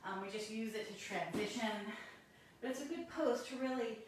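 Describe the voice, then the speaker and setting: A woman's voice: a little high, moderate pace, a little hiss or hum. Woman leading yoga in an echoey room. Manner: calm step-by-step cues with self-aware asides. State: a little out of breath while doing poses. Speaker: yoga instructor. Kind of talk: guiding a yoga class. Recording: very echoey room, mic at a distance.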